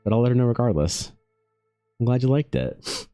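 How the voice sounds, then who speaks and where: A man's voice: medium pitch, sing-song, moderate pace, dark tone, no room sound, faint music behind. A man, an artist, chatting casually with his live-stream audience, rambling and self-deprecating, often talking to viewers by name.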